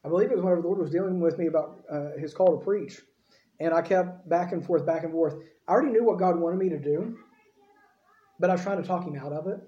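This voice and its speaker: A man's voice: fairly high pitch, fast talker, warm tone, echoey room, highs cut off. A man preaching a sermon in a folksy, conversational way, with frequent asides to the congregation.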